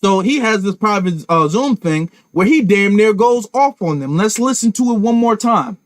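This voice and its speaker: A man's voice: high voice, expressive, normal speed, no room sound, clean studio sound. A man giving emphatic political commentary to his viewers, with lots of restarts. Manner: emphatic, talks to viewers directly, repeats and restarts. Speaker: commentary channel host.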